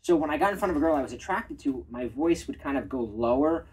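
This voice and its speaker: A man who calls himself naturally shy, talking through dating advice in a relaxed conversational chat. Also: on the high side, fast talker, slight background noise, poor audio. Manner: soft-spoken, self-described shy and introverted. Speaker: dating coach.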